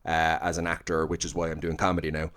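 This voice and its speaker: A man's voice: extremely low pitch, monotone, fast talker, a bit bright. A man in his thirties with a Cork Irish accent, chatting as a comedian guest in a rambling, filler-heavy way. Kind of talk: casual chat.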